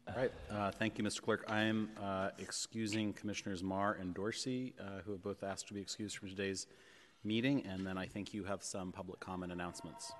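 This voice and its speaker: A man chairing a public board meeting, speaking in a measured way with frequent fillers. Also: sits low, fairly even intonation. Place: large legislative chamber. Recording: reverberant council chamber.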